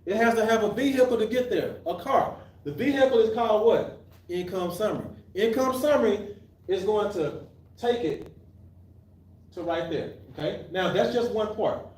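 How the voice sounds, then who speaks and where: A man's voice: high-pitched, normal speed, a little mellow. A man teaching an accounting class live, asking the class questions and then answering them himself, often restarting his sentences. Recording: echoey room, mic at a distance.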